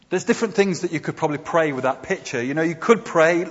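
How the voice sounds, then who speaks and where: A man's voice: on the high side, fast, few pauses. A man giving a conversational sermon with slides, often asking his listeners tag questions. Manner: conversational, asks the congregation tag questions, hesitant fillers. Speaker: preacher. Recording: dull, echoey hall recording.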